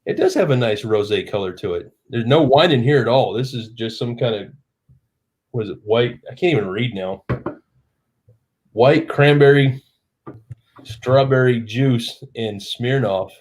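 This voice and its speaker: A man's voice: medium pitch, lively intonation, fairly quick, a little mellow. A man hosting a casual live stream chat, a bit tipsy from drinking, rambling and losing his train of thought. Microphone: live stream setup.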